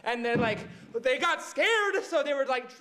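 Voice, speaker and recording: A rambling, mixed-up storyteller, played by a man with a high voice who talks slowly and drags out his words. He is excitable and keeps checking in with his young listeners. It plays as a comic children's Bible skit. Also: exaggerated voice. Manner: rambling, excitable, fills with "right?" and "okay?". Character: rambling, mixed-up male storyteller retelling Bible stories to kids.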